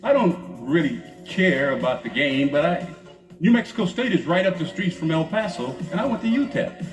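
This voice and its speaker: A man's voice: on the high side, animated, normal speed, roomy sound, recorded from a distance, music in the background. A man animatedly telling a story and acting out a radio call. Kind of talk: casual anecdote.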